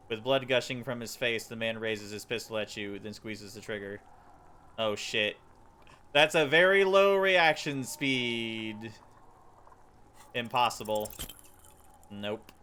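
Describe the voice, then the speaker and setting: A man with a slightly low voice reads a game's story aloud on a live stream, tripping over words and breaking off to react. A faint hum runs underneath. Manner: animated reading with stumbles and laughs. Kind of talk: reading game text aloud with reactions.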